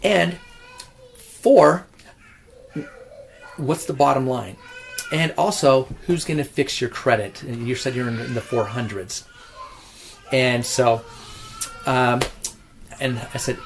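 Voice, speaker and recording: A man's voice: medium pitch, slow, gravelly, long pauses. Middle-aged male real estate agent, casual storyteller, restarts often, mid-range voice, faint noise behind. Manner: rambling, frequent restarts and repeated words.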